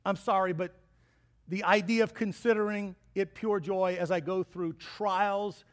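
Brief: man, high voice, pastor giving a sermon, animated and playful, acts out quotes. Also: measured pace. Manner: lively, joking preacher who acts out quotes.

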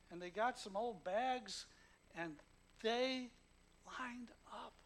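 A man preaching a sermon, telling stories with acted-out quotes and swinging between hushed and loud emphatic delivery. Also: high-pitched, a little hiss or hum, low-quality recording. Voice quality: emotional, emphatic.

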